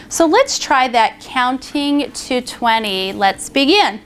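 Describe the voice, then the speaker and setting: Slow-talking woman teacher leading counting. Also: high-pitched, animated, clean tone. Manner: leads group counting aloud with hand signals. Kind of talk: classroom lesson demonstration. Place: classroom or training room.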